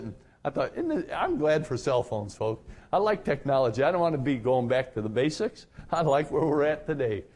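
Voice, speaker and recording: A middle-aged male pastor giving a radio sermon, telling a story in a conversational way with lively jumps in pitch.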